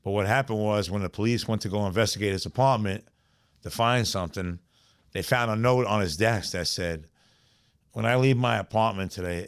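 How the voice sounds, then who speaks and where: A middle-aged man with a New York accent, telling streetwise stories in a casual, profane podcast chat. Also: low-pitched. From South Bronx, New York. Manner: streetwise, profane, repeats "you know what I'm saying". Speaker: podcast guest storyteller.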